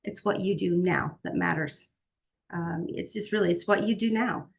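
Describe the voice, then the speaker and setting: A woman's voice: lowish voice, moderate pace, vocal fry. A woman giving an earnest, faith-filled motivational talk on a video call, often restarting her sentences. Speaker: guest speaker.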